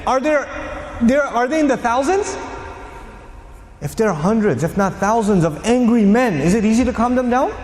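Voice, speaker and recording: Animated male preacher in echoey hall. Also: very high-pitched, moderate pace. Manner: animated storyteller who acts out scenes. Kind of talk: sermon lecture.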